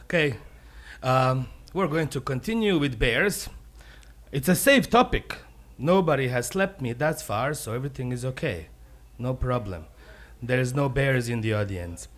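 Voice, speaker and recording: A male comedian telling jokes live in a brewery taproom, animated and profane. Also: medium pitch, unhurried.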